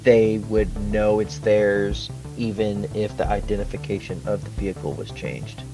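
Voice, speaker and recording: A man's voice: fairly low pitch, fairly even intonation, moderate pace, music in the background, rough recording. Man joking at a game table. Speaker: player. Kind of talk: casual tabletop play.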